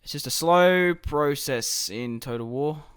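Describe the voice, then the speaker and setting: A man's voice: fairly high pitch, measured pace, fairly bright tone, clean tone, no echo, clean studio sound. A man casually commenting on his strategy game as he plays, thinking aloud about his moves. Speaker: gaming YouTuber.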